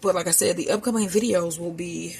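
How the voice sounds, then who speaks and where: In her home kitchen, a woman cooks and talks casually to her viewers, calling them y'all as she narrates her vlog. Her voice is on the low side, creaky and darkish, with fairly even intonation and a brisk pace. The recording has a little hiss or hum.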